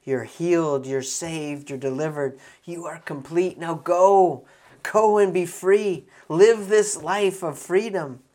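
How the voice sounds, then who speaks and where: A preacher voicing Jesus as a gentle, tender man, speaking softly in slow, hushed tones during a sermon. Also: medium pitch, steady tone, natural voice. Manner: hushed, tender, soft-spoken. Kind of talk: acted scripture quotes in a sermon.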